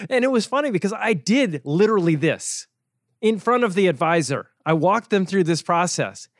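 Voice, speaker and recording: A man with a fairly high voice talks casually as a host, explaining things step by step. His asides turn sarcastic and he chuckles often. The sound is dry and close. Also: animated, normal speed, no echo. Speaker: podcast host and financial educator.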